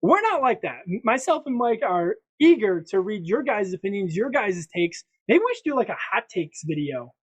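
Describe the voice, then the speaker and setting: Chatty sports podcast host, lo-fi. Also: male voice, high voice, very animated, normal speed, few pauses, slightly rough. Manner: chatty, hype-style presenting with frequent restarts. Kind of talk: casual sports chat. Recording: dull lo-fi sound.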